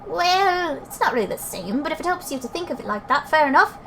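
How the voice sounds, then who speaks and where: A woman's voice: high voice, expressive, brisk, a bit bright, slight background noise, pitched above the performer's own voice. A woman voicing a cheeky small male fairy sidekick in a game, with a put-on Welsh accent and a blunt, folksy way of talking. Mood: explaining.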